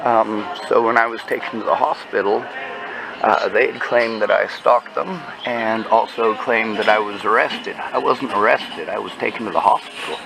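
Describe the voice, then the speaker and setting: A man's voice: fairly low pitch, moderate pace, gravelly, low-quality recording. A man telling his story in casual conversation, agitated and profane, often restarting his sentences.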